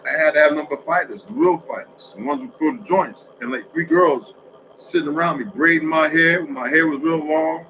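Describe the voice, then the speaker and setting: A man's voice: on the high side, noisy background. A man in a casual, rambling monologue for social media, telling streetwise stories with lots of cursing. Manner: profane, rambling, streetwise storytelling.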